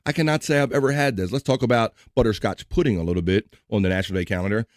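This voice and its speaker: A man's voice: lowish voice, very fast, dry recording, clean studio sound. A man hosting a casual live stream, loose and playful, breaking into silly voices and sung bits. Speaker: livestream host.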